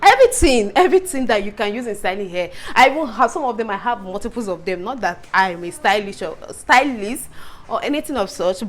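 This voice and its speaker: A young woman chatting to camera in a casual home vlog, animated and exasperated, repeating herself and laughing often. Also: medium pitch. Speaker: vlogger.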